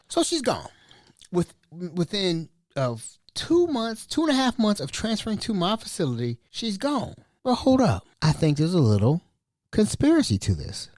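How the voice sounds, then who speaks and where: A man's voice: normal speed, dry recording. A man hosting a podcast, telling a story in a casual monologue and acting out the quotes. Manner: animated, acts out quotes with big pitch jumps. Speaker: podcast host.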